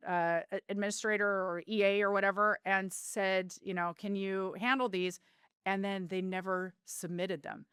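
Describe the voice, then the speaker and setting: Middle-aged woman, interview guest, earnest heartfelt storyteller, smooth clean voice. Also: mid-range voice, a bit bright, no room sound, studio quality. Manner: earnest, heartfelt, with vivid retelling. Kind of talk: personal storytelling in a podcast interview.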